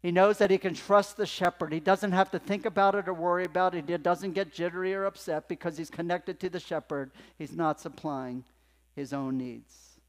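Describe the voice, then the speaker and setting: A male pastor delivers a sermon with emphatic preaching, dropping to a hush and then rising to loud passages. His voice sits somewhat high for a man. The sound carries a long hall reverb from the church sanctuary. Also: fairly even intonation, normal speed.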